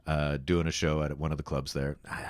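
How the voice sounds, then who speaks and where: A Canadian man, a comedian guest, telling lively anecdotes in casual podcast chat and acting out other people's lines. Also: very deep voice, brisk, no echo.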